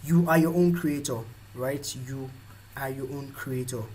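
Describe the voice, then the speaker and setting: A young Nigerian man hosting a motivational live talk, animated and quick to act out the voices of people in his stories. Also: medium pitch, a little hiss or hum, rough recording. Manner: animated, acts out quoted voices. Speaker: host.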